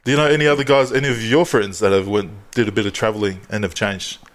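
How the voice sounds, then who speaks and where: A man's voice: fairly low pitch, fairly even intonation, fast talker. A man hosting a podcast, joking crudely with a mate and laughing often. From Australia. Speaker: podcast host. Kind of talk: casual banter.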